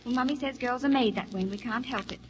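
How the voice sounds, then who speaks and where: An actress plays a sweet, emotional young girl in a high, bright voice. The 1940s radio drama sounds muffled. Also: quick pace, lightly acted. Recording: muffled 1940 radio broadcast.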